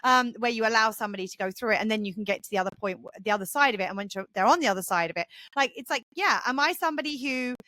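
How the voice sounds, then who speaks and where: A woman co-hosting a podcast over a remote call, talking in a casual, rambling way. Her voice sits a little high and sounds close and dry, with no room around it. She tells her stories with lively animation. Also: racing, hardly any pauses, dry recording. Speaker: podcast co-host.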